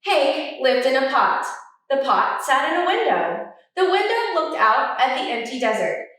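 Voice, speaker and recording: Animated librarian reading to children. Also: female voice, sits high, unhurried. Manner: animated, sing-song, coaxing children. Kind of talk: children's story time reading. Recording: echoey room, mic far off.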